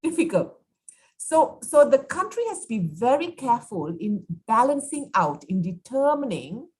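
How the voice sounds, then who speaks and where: A woman law lecturer answering questions in an online seminar, explaining at length and asking rhetorical check questions. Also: mid-range voice. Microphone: video call.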